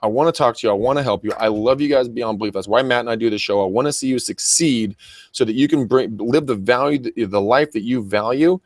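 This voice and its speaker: A man co-hosting a casual podcast as a real estate coach, animated and profane, acting out little scenes as he talks. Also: medium pitch, fast, dry recording.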